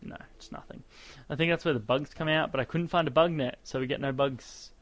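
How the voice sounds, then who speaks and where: A man's voice: medium pitch, a little fast, fairly bright tone, soft background music. A man giving casual, sarcastic let's-play commentary as he plays, ranting and exclaiming at the game. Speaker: gaming commentator and podcaster.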